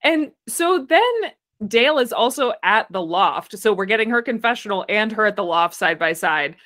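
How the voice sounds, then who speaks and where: Lively, chatty woman podcaster. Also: medium pitch, normal speed. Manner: chatty, reads from her notes, laughs often. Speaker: podcast co-host. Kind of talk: casual chat recapping a reality show.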